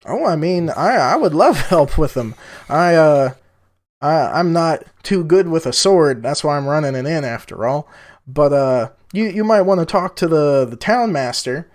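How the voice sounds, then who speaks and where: A man's voice: a little high, expressive, unhurried. A man voicing a chatty middle-aged innkeeper who rambles and stammers.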